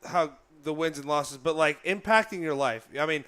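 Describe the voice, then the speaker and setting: A man co-hosting a sports podcast, excited and joking with his guest. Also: a little high, normal speed, clean tone. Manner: excited, laughing, jokey. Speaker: podcast co-host. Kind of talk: casual podcast chat.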